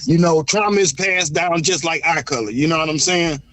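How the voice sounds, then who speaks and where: A man's voice: fairly high pitch, a bit bright, low-quality recording. A man calling in to a talk show, stammering and repeating words as he makes his point. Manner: halting, repeats words, often asks "you know what I'm saying". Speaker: caller. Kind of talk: casual call-in talk.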